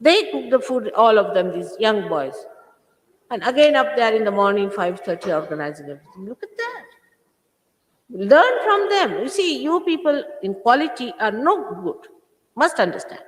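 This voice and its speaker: A woman's voice: fairly high pitch, lively intonation, normal speed. A woman, a spiritual teacher scolding her followers with emphatic rhetorical questions. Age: 60s. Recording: echoey hall, old 1980s recording.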